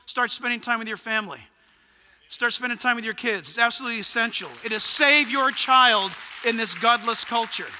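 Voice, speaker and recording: A man's voice: extremely high pitch, fairly quick, pushed and bright, long reverb tail, slight background noise. A male pastor preaching a sermon, emphatic and punchy, firing off rhetorical questions.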